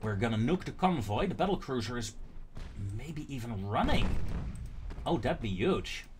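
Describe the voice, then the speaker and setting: A man's voice: medium pitch, sing-song, moderate pace, noisy background. A man casually commenting on his own strategy gameplay, thinking aloud with fillers and frequent laughter.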